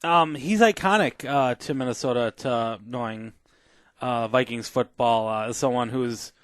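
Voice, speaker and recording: A man's voice: medium pitch, measured pace, dry recording. A man co-hosting a casual podcast, hesitant and curious, full of fillers and restarts, on a close studio mic. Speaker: podcast co-host.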